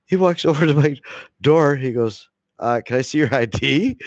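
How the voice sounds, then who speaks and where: A man's voice: mid-range voice, lively intonation, normal speed, no room sound, muffled recording. A man telling a long profane story in a casual way, laughing often and acting out the other voices. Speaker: video blogger.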